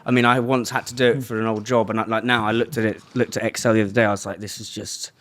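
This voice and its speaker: A man's voice: fairly low pitch, flat delivery, very fast, a bit bright. A man hosting a podcast, chatting casually with his guest in a laid-back, sweary way. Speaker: podcast host.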